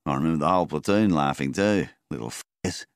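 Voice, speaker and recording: A man with a very deep, gravelly voice voicing a bitter, hard-drinking male war veteran in a storybook reading, speaking coldly and loudly. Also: fast, no echo, studio quality.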